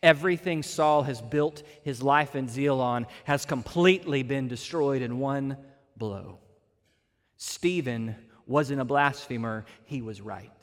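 A man's voice: mid-range voice, unhurried. A male pastor preaching an expository sermon, emphatic and stretching key words for weight. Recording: long reverb of a large hall.

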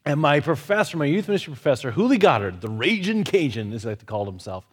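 Man, slightly high voice, relaxed Bible study teacher who is anecdotal and lightly humorous. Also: fast talker, breathy edge.

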